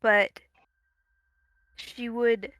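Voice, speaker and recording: Bright-voiced young woman game master. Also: on the high side, flat delivery, no echo. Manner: halting, many fillers. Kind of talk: narrating a tabletop game.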